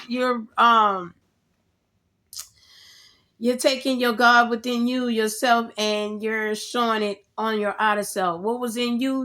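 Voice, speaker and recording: A woman giving a casual tarot reading straight to the viewer, animated and slangy, laughing often as she talks. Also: fairly high pitch. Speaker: tarot reader.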